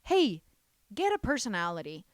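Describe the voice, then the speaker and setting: A woman in her twenties hosting a casual solo podcast, talking in a sassy, animated way and swearing freely. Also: mid-range voice, moderate pace, dry recording. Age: 20s. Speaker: podcast host.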